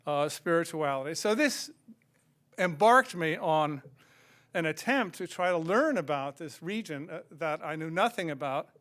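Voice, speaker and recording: A man's voice: high voice, a bit bright. An older American man giving a public lecture in a reflective, conversational way, with frequent fillers. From United States. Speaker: guest lecturer. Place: lecture hall.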